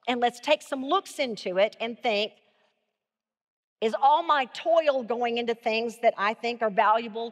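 Brief: woman preacher, fairly high voice, call-and-response sermon, hall echo. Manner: leads the audience in call-and-response, repeats phrases.

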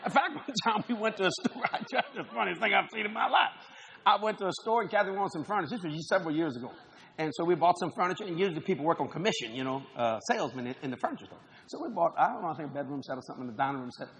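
A male pastor telling a humorous story in a sermon, animated and laughing often as he acts out voices. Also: high-pitched, racing. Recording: noisy live recording.

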